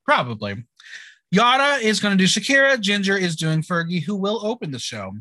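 High, lively man hosting a chat. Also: fairly quick, dry recording. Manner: playful and theatrical, teasing. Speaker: podcast host. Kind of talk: casual recap chat.

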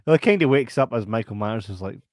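A Scottish man co-hosting a casual podcast, retelling a film in an animated, sweary way. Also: fairly low pitch, fast talker, no room sound, studio quality. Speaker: podcast co-host. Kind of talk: casual late-night chat.

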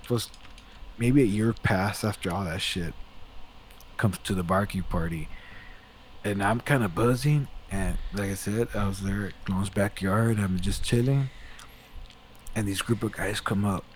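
A man's voice: lowish voice, a little slow, long pauses, slight background noise. A man casually telling a long story, rambling and swearing a lot as he gets worked up. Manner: rambling, profane, animated retelling.

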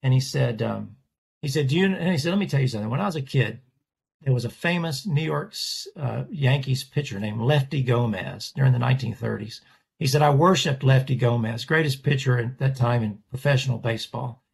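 Guest artist, male storyteller, husky and gravelly, animated retelling. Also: mid-range voice, brisk. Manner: animated storyteller, acts out quoted voices. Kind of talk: storytelling in a podcast interview.

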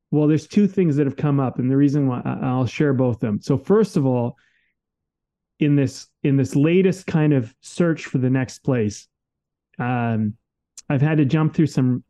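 A man's voice: mid-range voice, dark tone. A man co-hosting a podcast in casual conversation, talking candidly and emphatically and swearing freely. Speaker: podcast co-host.

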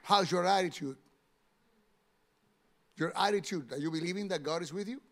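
Pastor, male, high voice, emphatic preaching with loud bursts. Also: normal speed. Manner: emphatic, rising to loud exclamations. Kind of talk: sermon.

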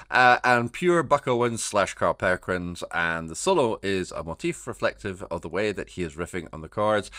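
A man's voice: fairly low pitch, pushed and bright, no echo. A man co-hosting a music podcast, reading out a listener's email with dry, self-mocking humour. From Scotland. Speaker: podcast co-host.

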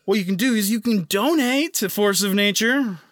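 A young man with a high, bright voice hosts a casual podcast. He rambles, fills gaps with "uh" and restarts his sentences. The sound is close and dry. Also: normal speed, no echo. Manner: rambling, filler-heavy, self-interrupting. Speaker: podcast host.

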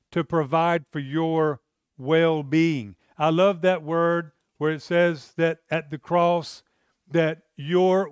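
A man's voice: fairly high pitch, clean tone, no echo, studio quality. A middle-aged man preaching a sermon in an earnest, conversational way, often repeating words as he goes.

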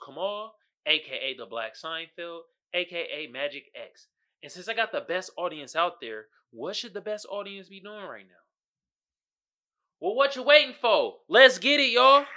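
Lively, bright-voiced male podcast host. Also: high voice. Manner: animated, joking, talks to the audience as "y'all". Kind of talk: casual solo podcast chat.

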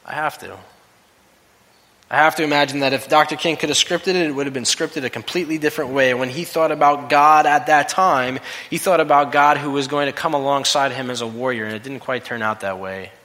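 Preacher, male, middle-pitched, storytelling sermon delivery with emphatic peaks, long hall reverb. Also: fairly even intonation, a little fast. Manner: storytelling, rising to loud emphatic quoting. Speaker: pastor.

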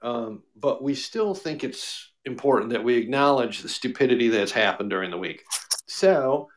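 A man's voice: mid-range voice, expressive, normal speed. Guy, podcast co-host, jokey and rambling. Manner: joking, rambling, mock radio-DJ bits. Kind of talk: casual chat.

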